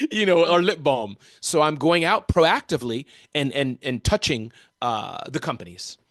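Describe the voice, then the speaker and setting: A high-pitched American man talks with lively, animated energy, answering interview questions like a seasoned keynote speaker. His voice sounds dry and close, with no room in it. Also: unhurried, dry recording. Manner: energetic, animated, often addresses the interviewer by name.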